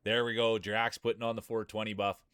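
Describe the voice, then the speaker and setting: A man's voice: fairly low pitch, flat delivery, brisk, fairly bright tone, clear, resonant tone, dry recording. A man streaming live, doing playful, joking play-by-play commentary on marble races and chatting with viewers.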